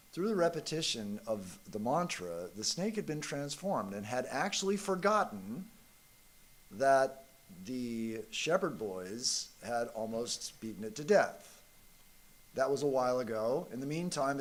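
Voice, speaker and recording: A man, a monk, giving a spiritual talk, telling a parable in a relaxed, conversational way with frequent fillers. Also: mid-range voice. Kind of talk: sermon with storytelling.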